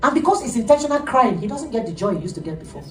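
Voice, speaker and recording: A middle-aged woman pastor preaching an animated sermon, laughing often as she tells stories. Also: fairly high pitch, very fast, soft background music. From Nigeria. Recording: echoey room, heard from a distance.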